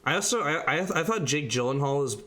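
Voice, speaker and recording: A young man co-hosting a casual movie review podcast, quick and enthusiastic, often laughing. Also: on the high side, lively intonation, fairly bright tone. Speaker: podcast co-host.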